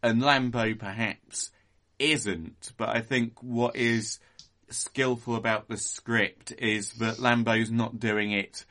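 A man co-hosting a podcast, discussing a film in a measured, analytical way with frequent hedging fillers. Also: mid-range voice, fairly even intonation, bright, forceful tone. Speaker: podcast co-host.

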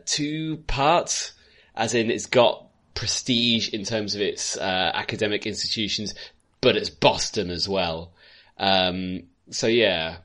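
A man's voice: lowish voice, fairly bright tone. A man co-hosting a podcast, chatting casually about films, joking and correcting himself with many fillers. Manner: jokey and self-correcting, trailing off with fillers. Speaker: podcast co-host. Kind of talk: casual film discussion.

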